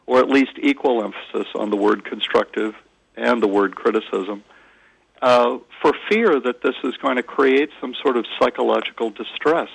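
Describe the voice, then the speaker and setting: A man with a gravelly, creaky voice speaks as a guest in a radio interview, explaining parenting views in an earnest, measured way. His delivery is close and dry, with frequent small hesitations as he builds his points. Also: medium pitch, no room sound, rough recording.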